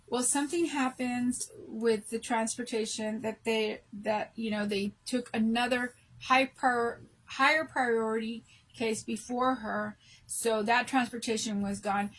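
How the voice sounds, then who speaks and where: Exhausted, husky-voiced middle-aged woman. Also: a little high, fairly bright tone, low-quality recording. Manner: emotional, rambling, restarts sentences. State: exhausted from no sleep. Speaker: craft channel host. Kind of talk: casual live chat to viewers.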